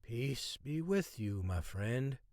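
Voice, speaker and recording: A man voicing a cryptic, wise old man who speaks in slow, drawn-out folksy sayings. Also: medium pitch, expressive, darkish tone, no room sound, clean studio sound.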